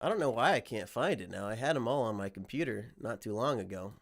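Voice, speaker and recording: A man's voice: medium pitch, expressive, fast talker. A man with a sick voice chatting casually on a livestream, rambling and swearing freely. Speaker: streamer.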